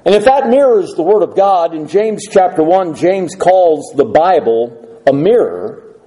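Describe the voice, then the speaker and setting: Earnest preaching man, high and mellow. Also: low-quality recording. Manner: earnest, measured preaching with rhetorical questions. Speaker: pastor. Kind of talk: sermon.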